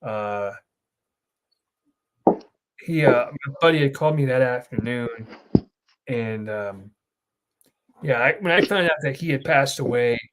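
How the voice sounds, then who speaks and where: A man's voice: medium pitch, lively intonation, a little slow, pauses often, a bit bright. A young man hosting his channel, telling an emotional story in a rambling casual way. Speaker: host. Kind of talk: casual chat.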